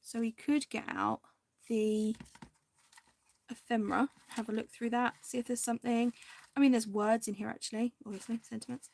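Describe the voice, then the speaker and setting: Chatty woman with a gravelly edge. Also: on the high side, expressive, moderate pace. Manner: chatty, indecisive, muttering to herself, soft half-whispered asides. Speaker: crafting video host. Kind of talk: casual crafting chat to viewers.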